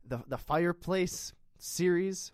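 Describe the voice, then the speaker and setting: Guy in his 20s, deadpan cohost, lots of ums, dry close sound. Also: high voice, slow pace, no room sound. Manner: hesitant, deadpan, many fillers. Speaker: podcast co-host. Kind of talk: casual comedic chat.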